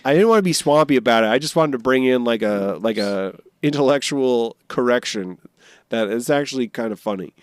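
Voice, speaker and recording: A man's voice: medium pitch, animated, a little fast, clean tone, no room sound. A man co-hosting a podcast in casual chat, jokey and rambling. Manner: jokey, rambling, bursts into silly honking bits. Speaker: podcast co-host.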